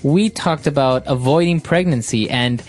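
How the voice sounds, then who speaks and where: A man's voice: a little high, moderate pace, faint music behind. A man co-hosting an English lesson in an easygoing way, leading each segment. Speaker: English teacher.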